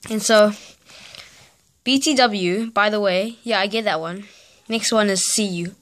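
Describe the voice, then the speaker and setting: A woman's voice: medium pitch, a little slow, fairly bright tone. A woman vlogger ranting in a casual, sarcastic, exasperated way, spelling out letters in disbelief. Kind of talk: casual vlog rant.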